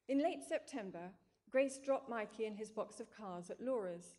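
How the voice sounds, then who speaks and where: Calm woman reading a novel. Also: fairly high pitch, moderate pace. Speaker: narrator. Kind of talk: scripted narration.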